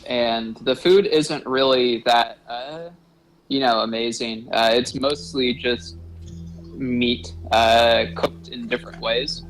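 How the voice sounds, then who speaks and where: A man narrating a tabletop game as game master, slow and hesitant with many pauses and filler sounds. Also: mid-range voice, fairly even intonation, slight background noise, rough recording.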